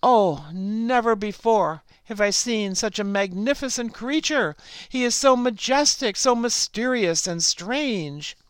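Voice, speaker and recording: A woman voicing a vain, boastful male frog who craves attention, read slowly as part of a storybook tale. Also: on the high side, animated, smooth, no echo. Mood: yearning. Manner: slow storybook reading of the frog's lines.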